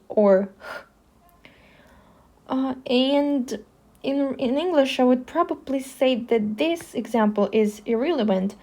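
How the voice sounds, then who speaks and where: Russian accent lady teaching letters real slow, lots of pauses. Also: on the high side. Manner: slow, careful, pausing often. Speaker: language teacher. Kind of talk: slow alphabet lesson.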